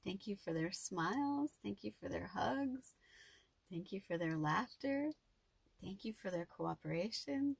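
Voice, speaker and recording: A woman's voice: medium pitch, animated, a little slow, gravelly, slightly rough, dry recording. A middle-aged woman talking to her viewers in an emotional, rambling personal vlog with a spiritual bent. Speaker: vlogger.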